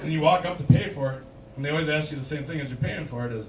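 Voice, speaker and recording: A man's voice: fairly high pitch, a little fast, long pauses. A man performing a crude, self-deprecating stand-up comedy set on a small club stage, recorded on a camcorder in the crowd. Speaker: stand-up comic. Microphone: handheld camera from the audience. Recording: roomy, far-off, noisy camcorder sound. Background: audience laughter.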